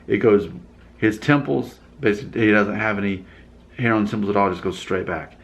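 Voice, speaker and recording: A man's voice: fairly low pitch, steady tone, a little fast, vocal fry. A man casually rambling as he reacts to viewer comments in his vlog, often breaking into laughter.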